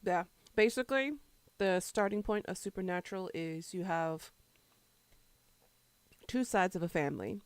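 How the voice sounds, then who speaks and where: A woman's voice: on the low side, normal speed, pauses often, clear, resonant tone, no echo. A woman streamer chatting casually with her viewers, rambling between topics and answering chat while she eats.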